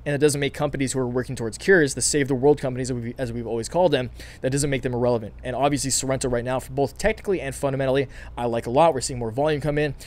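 A man's voice: mid-range voice, steady tone. A man hosting his own stock market channel, talking casually and eagerly to viewers with a scratchy throat, full of fillers and restarts. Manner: fast, filler-heavy, enthusiastic talk with many restarts.

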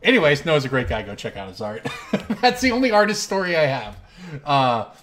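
A man's voice: a little high, a little fast, a little hiss or hum. A man hosting a card game stream, telling a long anecdote between moves, rambling and correcting himself as he goes. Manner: rambling, self-correcting, animated storyteller. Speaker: host playing online card game. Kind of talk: casual storytelling while playing.

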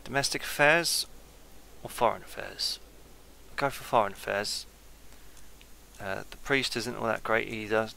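Gravelly man musing over a strategy game. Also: lowish voice, unhurried, long pauses, sharp tone, slight background noise. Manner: musing, thinking aloud, trailing off. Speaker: gameplay commentator. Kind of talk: casual let's-play commentary.

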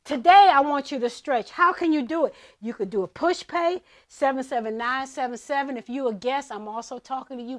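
A woman's voice: high voice, brisk, hardly any pauses. A woman, a pastor's wife, leading a church offering appeal in an emphatic sermon style, repeating her calls to the congregation. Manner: emphatic, repetitive exhortation. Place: church service streamed online.

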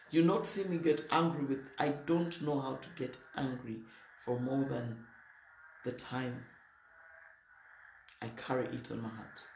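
A woman's voice: low-pitched, a little mellow. A woman pastor preaching a sermon in a blunt, emphatic, plain-spoken way. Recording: roomy echo, faint noise.

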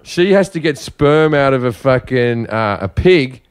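A man's voice: medium pitch, unhurried, smooth. A man telling stories in casual, profane chat, acting out the voices of the people in them. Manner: profane, animated, acts out voices. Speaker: comedian guest.

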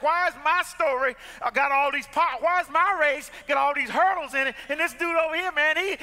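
Middle-aged male pastor, high and piercing, preaching with repeated refrains in a big echoing sanctuary. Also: sharp tone. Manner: impassioned, repetitive preaching with audience call-and-response. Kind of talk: sermon. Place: church sanctuary with gallery. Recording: long hall reverb from church.

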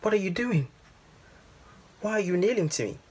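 Guy reading a storybook, putting on a young boy, earnest, voice jumps way up, bit husky. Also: high voice, animated, moderate pace, voice pushed up. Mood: alarmed.

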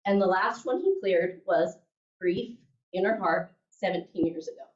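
This woman teaches a class at a normal speed, her medium-pitched voice having a darkish tone. She chats her way through a story and keeps asking "okay?" and "right?" to check on her students. The recording is dull and echoey, captured from a distant mic.

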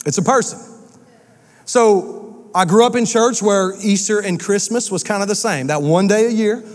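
High-voiced man preaching with drawl. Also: in a large hall. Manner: animated, emphatic preaching with quick asides and repetition. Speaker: pastor. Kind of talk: sermon. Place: church sanctuary.

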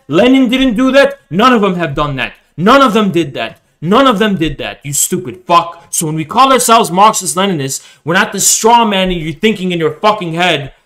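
High, sharp-voiced man ranting with profanity. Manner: aggressive, profane, taunting; swings between shouting and low menacing mutters. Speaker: political streamer reacting to a video. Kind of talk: angry reaction rant.

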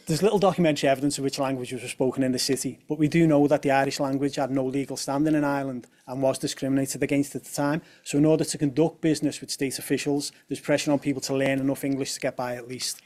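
A young man presents a talk to a room of listeners. His voice sits at an ordinary middle pitch, and he keeps things light with humorous asides. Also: fairly even intonation, fast talker, hardly any pauses, darkish tone. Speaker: speaker at a talk on language.

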